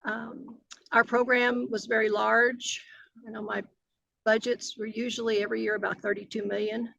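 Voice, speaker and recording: A woman's voice: fairly high pitch, little pitch movement, normal speed, creaky, a bit bright, dry recording, muffled recording. An older woman, a retired agency director answering interview questions earnestly, with many fillers and restarts.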